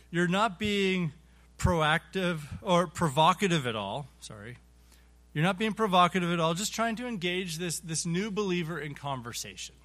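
A man teaching an adult Sunday school Bible lesson, halting and repeating words, chuckling as he acts out illustrations. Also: fairly high pitch, fairly bright tone.

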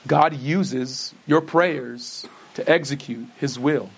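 A man's voice: medium pitch, takes it slowly, gravelly, breathy edge. A man preaching a sermon, earnest, posing questions and answering them himself, who says he stutters and often restarts words. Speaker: pastor.

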